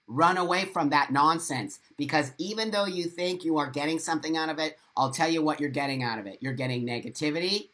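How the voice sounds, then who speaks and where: A man's voice: on the high side, moderate pace, a bit bright. A middle-aged man talks straight into his webcam on a live stream, answering viewers by name. His delivery is emphatic and repetitive, hammering points home with blunt, sometimes profane encouragement. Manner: blunt, swears. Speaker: livestream host. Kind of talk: live stream talk, reading viewer comments.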